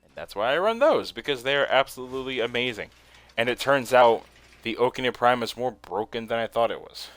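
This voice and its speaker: A young man giving casual, excitable commentary while playing a video game, laughing often and swearing now and then. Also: mid-range voice, a little fast. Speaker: gaming streamer.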